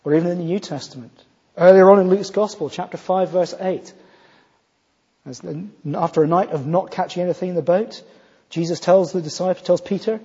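A man's voice: high-pitched, fairly quick, mellow, slightly rough. A man from Scotland preaching a sermon, earnest and rising to emphatic scripture readings. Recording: muffled, long hall reverb.

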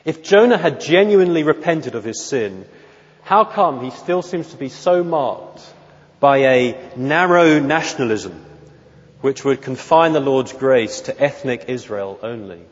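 A man preaching an expository sermon in church, measured and emphatic, often asking rhetorical questions. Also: medium pitch, lively intonation. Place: church during a worship service. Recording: dull lo-fi recording with long hall reverb.

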